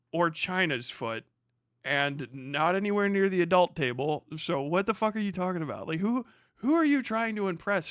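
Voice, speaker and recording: High-voiced American male streamer, sarcastic profane rant, dry close mic. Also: a bit bright, no echo. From United States. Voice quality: mocking, profane, laughs often.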